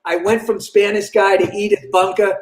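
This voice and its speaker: A man's voice: high voice, moderate pace, roomy sound. An older man with a Boston accent, a comedian telling stories with lots of laughter and character voices. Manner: lively, laughs often, slips into character voices. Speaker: comedian guest. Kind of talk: animated storytelling.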